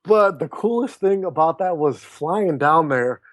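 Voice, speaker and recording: Higher-pitched man telling his story. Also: unhurried, no room sound. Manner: animated storyteller who acts out quoted dialogue. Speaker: podcast guest, author and speaker. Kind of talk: casual storytelling interview.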